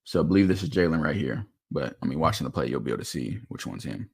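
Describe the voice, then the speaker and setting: Deep-voiced man breaking down game film. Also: vocal fry, husky. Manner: animated, quick, explanatory. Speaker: football film analyst. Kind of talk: casual film breakdown talk.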